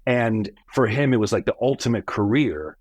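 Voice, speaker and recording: A middle-aged American man, a company founder, telling his family story as a podcast guest, animated, acting out the voices he quotes. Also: lowish voice, moderate pace, no room sound. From United States. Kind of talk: storytelling in an interview.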